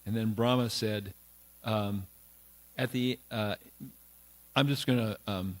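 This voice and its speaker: A man giving a morning scripture class at a temple, retelling a sacred story loosely with many pauses, fillers and restarts. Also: on the low side, steady tone. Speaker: class speaker. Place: temple hall.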